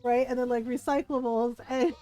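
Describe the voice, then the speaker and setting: A woman's voice: on the high side, level tone, moderate pace, warm tone, soft background music. A woman streaming a video game, chatting casually and rambling with frequent giggles. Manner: giggly, laughs often between rambling remarks. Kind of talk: casual chat while playing a video game.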